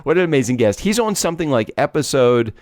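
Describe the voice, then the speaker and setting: A man's voice: mid-range voice, big pitch swings, fast, a little mellow, no echo, clean studio sound. A man co-hosting a casual podcast, joking, swearing freely and laughing often. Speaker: podcast co-host. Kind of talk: casual chat.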